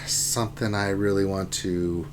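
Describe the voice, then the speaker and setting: A man hosting a casual gaming livestream, talking through his game, with loud exclamations and laughter. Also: sits low, fairly even intonation, a little slow, slight background noise. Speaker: livestream host.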